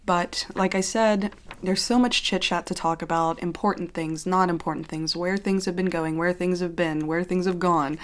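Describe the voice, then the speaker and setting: A woman in her thirties from Johnstown, Pennsylvania, US, talks openly to viewers in a loose, rambling casual chat update vlog, often circling back with "um" and "like" as she gathers her thoughts. Her voice sits low for a woman, with fairly even intonation and a moderate pace. She sounds like an ASMR host dropping the whisper to speak plainly.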